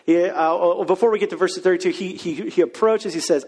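High-pitched guy preaching, casual jokey storytelling. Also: moderate pace, hardly any pauses. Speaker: pastor. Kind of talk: sermon.

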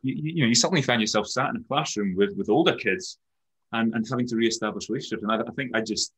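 A middle-aged man, a company head and podcast guest, recounting his school and university years in a thoughtful, halting way full of restarts. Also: mid-range voice, a bit bright. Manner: thoughtful, halting, many restarts and "you know"s. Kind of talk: reflective conversational storytelling.

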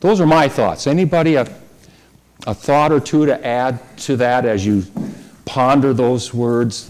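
A man leading a church service, preaching in an easy conversational way and slowing down on key phrases. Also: medium pitch, a little mellow, a little hiss or hum. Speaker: pastor. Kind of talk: sermon.

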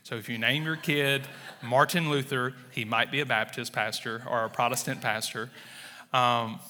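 A man's voice: medium pitch, fairly even intonation, normal speed, pushed and bright. Folksy Mississippi man preaching in a reverberant hall. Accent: Southern US, Mississippi. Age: 30s. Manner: folksy, self-deprecating, many fillers. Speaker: church planter, guest speaker. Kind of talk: sermon with personal testimony. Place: church sanctuary. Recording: long reverb of a large hall.

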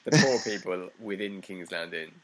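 A man's voice: low-pitched, normal speed. A man in casual chat, answering his co-host with dry, laid-back remarks.

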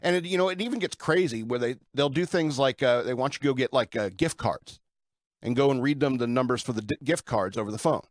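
A man's voice: medium pitch, fast talker, dry recording, studio quality. A man hosting his own show, talking in an irreverent, rambling way with fillers and chuckles. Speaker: podcast host. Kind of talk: casual rambling monologue.

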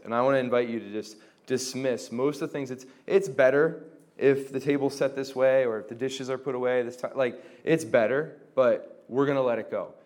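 A man's voice: mid-range voice, a little mellow. A young man giving a casual teaching talk to a group on reconciling relationships, chatty and full of fillers, acting out quoted conversations. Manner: conversational, many fillers, acts out quoted exchanges. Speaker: Christian formation teacher.

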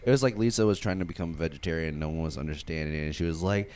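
A man's voice: a bass voice, rapid-fire, a little mellow. A man co-hosting a podcast, talking in a laid-back, chatty way. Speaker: podcast co-host. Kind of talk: casual chat.

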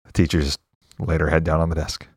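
A man co-hosting a podcast, telling jokes in casual chat and cutting in with quick remarks. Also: very deep voice, monotone, slightly rough, dry recording, clean studio sound. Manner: chatty, quick interjections. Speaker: podcast co-host.

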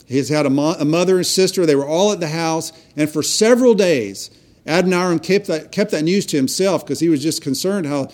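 A pastor preaching in earnest, his voice sitting a little high for a man. He tells his story with frequent restarts, circling back over his words as he goes. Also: darkish tone. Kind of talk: sermon.

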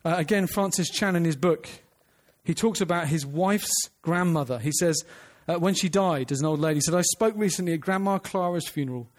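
A man's voice: fairly high pitch, a little fast. An earnest man preaching a sermon, emphatic, restarting phrases and asking the listeners questions.

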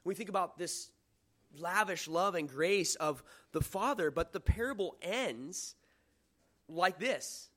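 A man's voice: high-pitched, lively intonation, slow, bright, forceful tone. A man preaching a sermon, reading scripture aloud with dramatic emphasis and asking the listeners questions in a conversational way.

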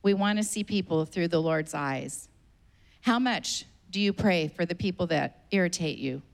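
A woman's voice: fairly low pitch, moderate pace, creaky. A woman pastor preaching a sermon, stressing her points by repeating them. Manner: emphatic, repeats exhortations.

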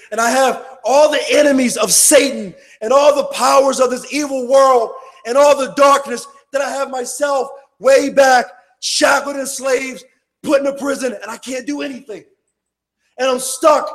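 A man preaching a sermon with passion, shouting hard and then dropping to a low, quiet voice. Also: moderate pace. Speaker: pastor.

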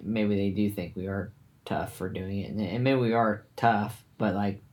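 A man's voice: fairly low pitch, fairly even intonation, normal speed, a little mellow. A man in casual conversation about martial arts training, earnest and reflective, often restarting his sentences as he thinks. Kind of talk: casual chat.

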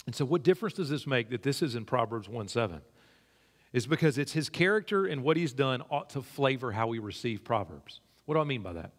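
A man preaching a sermon in a conversational way, his pitch climbing when he stresses a point. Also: expressive, a little fast. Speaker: pastor. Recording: long hall reverb.

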